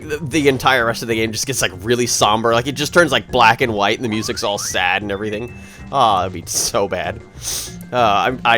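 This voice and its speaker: A man's voice: medium pitch, fairly bright tone. A man giving casual, rambling commentary over a video game playthrough, sarcastic and often correcting himself mid-sentence. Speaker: let's play commentator.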